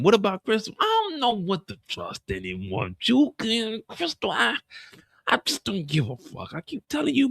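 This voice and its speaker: A man's voice: sits high, vocal fry, a bit bright, dry recording, pitched above the performer's own voice, exaggerated voice. A man impersonating a sulking young male street hustler who mumbles, slurs like he is drunk and keeps whining a friend's name. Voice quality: slurred, mumbling, drunk-sounding. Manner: whiny, repeats "Juke" constantly.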